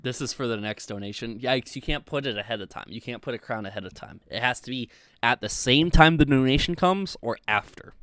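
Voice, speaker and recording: A man's voice: medium pitch, fairly quick, no room sound. Laid-back young man chatting on stream. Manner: rambling, relaxed, reads chat aloud, frequent fillers. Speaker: livestream host. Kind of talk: casual livestream chat.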